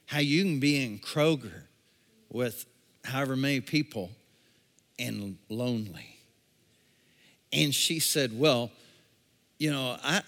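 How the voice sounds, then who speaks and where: A pastor with a medium-pitched, slightly bright voice preaches a sermon in a church sanctuary, emphatic and repetitive, building intensity as he urges on his congregation. Long hall reverb fills the recording.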